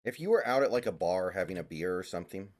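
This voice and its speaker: A man streaming a game, chatting casually and answering chat, laid-back and halting with fillers. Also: deep voice, lively intonation, a little mellow.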